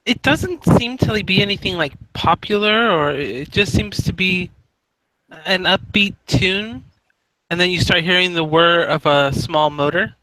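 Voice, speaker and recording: A man acting as game master, narrating the scene in measured descriptions. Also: sits high, pushed and bright, low-quality recording.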